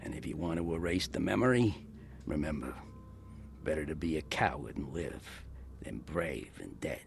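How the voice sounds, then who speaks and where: An actor playing a gruff male bartender who distrusts strangers and talks bluntly. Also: very deep voice, animated, normal speed, slight background noise, exaggerated voice. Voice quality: gravelly. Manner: guarded and blunt.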